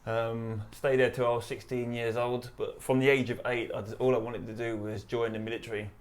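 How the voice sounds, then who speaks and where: A man in his thirties from East London, with a London accent, tells his story as a charity founder and army veteran in a casual interview. He is relaxed and chatty, laughing as he retells events, and speaks briskly in a mid-range voice.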